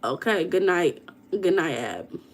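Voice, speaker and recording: Her voice is on the low side and very animated, but she speaks slowly. She's a livestream host who chats away, responds to comments from viewers and tells stories with flair.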